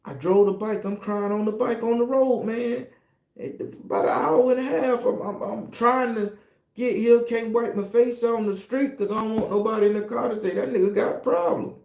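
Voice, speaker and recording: In an echoey room, a middle-aged man with a Southern US accent talks at normal speed in a high-pitched, slightly mellow voice. He's a tarot reader offering a preachy spiritual monologue full of profanity and confession.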